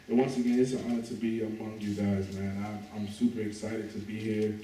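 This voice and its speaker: A man's voice: fairly low pitch, brisk, few pauses, a crowd in the background. Guest preacher guy, easygoing and jokey, gets the church to talk back, roomy echo from far off. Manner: relaxed, joking, invites the congregation to talk back. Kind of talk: sermon with call and response. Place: church sanctuary. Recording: echoey church heard from a distance.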